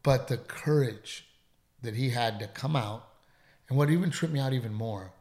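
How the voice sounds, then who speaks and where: A middle-aged man with a gravelly, creaky edge to his voice, chatting on a podcast at a middle pitch. He tells his story candidly and with emphasis, and he swears freely. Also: moderate pace, darkish tone. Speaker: comedian and podcast co-host. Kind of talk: casual storytelling chat.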